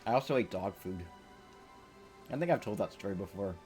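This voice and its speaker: A man's voice: fairly low pitch, animated, fairly quick, a little mellow. A man streaming a game, chatting in a rambling, self-deprecating, joking way. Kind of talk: let's play commentary. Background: game music.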